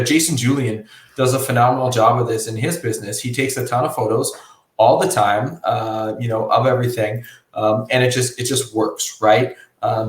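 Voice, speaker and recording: A man co-hosting a podcast in a loose, joking manner with the odd curse word. His voice sits in the middle of the range. The sound is roomy, with noticeable echo around him. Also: mid-range voice. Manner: loose, joking, swears casually. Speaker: podcast co-host. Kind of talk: casual podcast chat.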